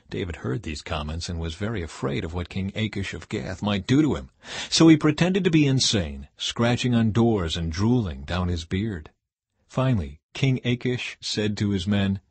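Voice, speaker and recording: A man reading scripture aloud for an audiobook in a steady, expressive narration. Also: on the low side, normal speed, husky, dry recording.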